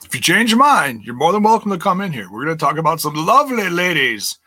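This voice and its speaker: A man hosting his own podcast, talking in a loose, ranting way and swearing freely. His voice sits a little high and sounds bright and forceful. The sound is dry and close, with no room around it. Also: very animated, fast, slightly rough, no room sound. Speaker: podcast host. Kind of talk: casual solo podcast rant.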